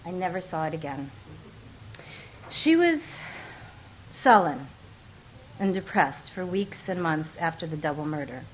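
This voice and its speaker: A woman reading a memoir aloud, with a wry, expressive delivery that often breaks into laughter. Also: low-pitched, a little slow, long pauses, a little hiss or hum, poor audio. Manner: wry and expressive, often laughing through lines, acts out quoted voices. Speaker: audiobook narrator. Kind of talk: memoir narration.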